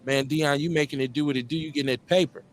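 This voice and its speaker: A middle-aged man with a Midwestern US accent, hosting a live call-in show in a relaxed, slangy way and repeating his phrases. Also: a little high, fast, slight background noise. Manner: laid-back, slangy, drawls and repeats phrases. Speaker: radio show host.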